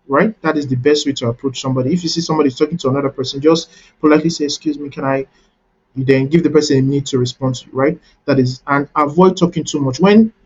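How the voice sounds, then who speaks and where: A male coach teaching a webinar in an instructive manner, often checking in with "right?" as he repeats his points. His voice sits a little high and has a husky edge. The audio is dull and lo-fi. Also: darkish tone. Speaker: networking coach.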